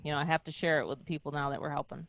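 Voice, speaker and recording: A woman's voice: low voice, steady tone, very fast, fairly bright tone, dry recording. A woman in her fifties hosting a team video call, speaking earnestly and emotionally with chatty fillers. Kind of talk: heartfelt motivational talk on a video call.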